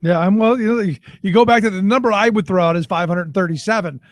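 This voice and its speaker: High-voiced male radio talk host. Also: fast, dry recording. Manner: conversational, sympathetic, with filler restarts. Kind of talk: radio talk show interview.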